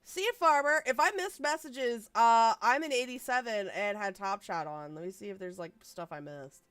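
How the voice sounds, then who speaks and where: A woman casually chatting on a livestream, blunt and excitable, swearing freely. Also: on the high side, moderate pace, clean tone, no echo. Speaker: livestream host.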